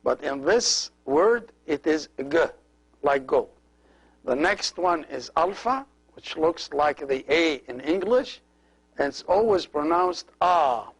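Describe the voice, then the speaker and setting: Slow patient man teaching a language. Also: fairly high pitch, lively intonation, breathy edge, rough recording. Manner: patient, explains while writing letters. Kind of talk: slow step-by-step language lesson.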